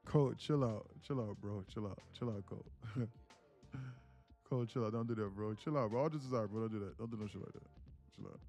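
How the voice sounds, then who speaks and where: Male livestream host, mellow voice, playful slang, faint music behind. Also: fairly low pitch, fast. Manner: joking, playful, slangy, often puts on a voice. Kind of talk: casual livestream chat.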